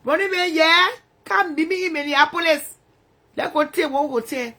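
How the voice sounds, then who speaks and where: Lady going off on a profane rant in her bedroom, high bright voice. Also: moderate pace. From Liberia. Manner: angry, profane, repetitive ranting. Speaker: social media personality. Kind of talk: profane ranting livestream.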